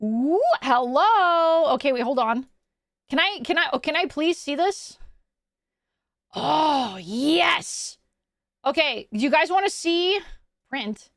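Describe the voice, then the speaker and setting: A woman's voice: sits high, lively intonation, takes it slowly, pauses often, a bit bright, dry recording, studio quality. A woman streamer in casual live-stream chat, bubbly and chatty, answering her chat aloud. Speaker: VTuber streamer.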